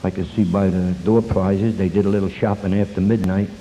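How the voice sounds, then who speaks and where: An older man telling his life story at a recovery meeting, folksy and self-deprecating, pausing and restarting as he goes. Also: deep voice, flat delivery, dark tone, slight background noise. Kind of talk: personal story talk with jokes. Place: meeting hall before an audience. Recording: dull lo-fi tape, long hall reverb.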